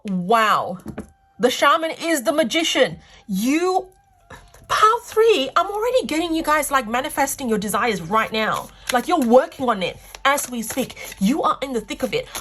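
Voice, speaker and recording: A woman's voice: a little high, expressive, moderate pace, fairly bright tone. A woman giving a pick-a-card tarot reading, gushing and effusive, tearful with emotion as she talks to her viewers. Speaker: tarot reader.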